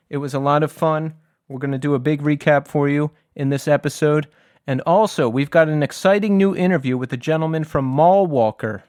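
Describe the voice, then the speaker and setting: A man's voice: fairly high pitch, darkish tone, clear, resonant tone, no echo. A man co-hosting a podcast in casual chat, upbeat and enthusiastic, with a close mic. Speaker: podcast co-host.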